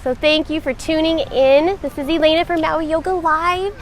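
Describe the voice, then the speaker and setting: A woman's voice: high voice, normal speed. Chatty woman yoga teacher on a beach. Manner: chatty and welcoming, greets viewers by name and country. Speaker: yoga instructor. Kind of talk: live-streamed yoga class on a beach. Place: outdoors on a beach.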